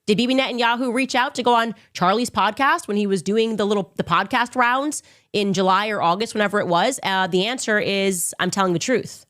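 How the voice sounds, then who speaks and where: A woman hosts her own commentary show and talks through it in an emphatic, combative way. She is often sarcastic and mocks her opponents by doing their voices higher than her own. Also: fairly quick, a bit bright. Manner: sarcastic, mocking impressions in a high voice. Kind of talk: opinionated commentary monologue.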